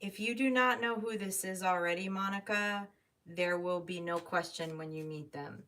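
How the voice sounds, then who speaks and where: A woman with a fairly low, slightly bright voice gives a live tarot reading at a moderate pace, thinking aloud, getting emotional and swearing casually. The mic sits at a distance and picks up faint noise.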